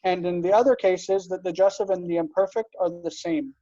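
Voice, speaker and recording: Man teaching hebrew online, patient, warm mellow voice, dry dull call audio. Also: high voice, dry recording. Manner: slow, patient explaining with frequent checks for understanding. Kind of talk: online class lesson.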